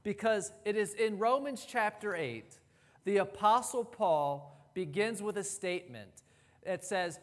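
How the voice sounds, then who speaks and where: A man preaching a sermon as pastor, emphatic, with pauses and repeated phrases, recorded in a church sanctuary. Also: high-pitched, big-room sound.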